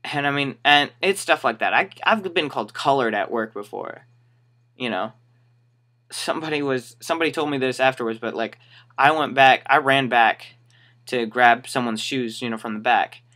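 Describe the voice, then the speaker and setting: A man's voice: mid-range voice, moderate pace, bright, forceful tone. A young man telling stories to camera in a casual, rambling way, wry and acting out the people he describes. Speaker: retail shoe store worker. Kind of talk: casual storytelling vlog.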